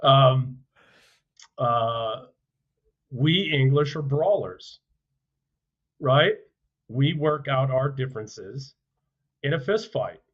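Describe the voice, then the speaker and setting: A man's voice: medium pitch, animated, very slow, long pauses. Blunt, profane man with dull sound. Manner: blunt, profane, emphatic with rhetorical questions. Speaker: podcast guest, author and former soldier. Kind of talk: forceful conversational storytelling.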